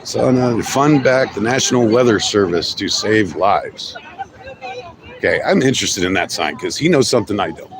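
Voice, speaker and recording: A man's voice: fairly low pitch, animated, normal speed. A man casually chatting through a walking livestream at an outdoor street protest, friendly and amused, talking to strangers. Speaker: live streamer. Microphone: handheld phone. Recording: noisy street ambience and traffic.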